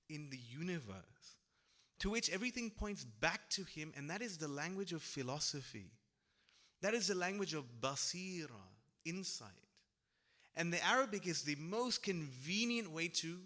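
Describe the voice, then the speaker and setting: A man's voice: on the high side, sharp tone. A young man on a religious discussion panel, speaking casually and reflectively, often checking in with "right?". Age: young adult. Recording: long hall reverb.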